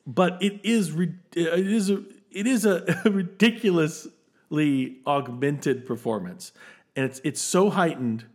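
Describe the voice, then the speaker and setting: Animated, laughing film podcast host man. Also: a little high, slow pace. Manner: animated, enthusiastic, laughs often, many restarts. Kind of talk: casual film discussion.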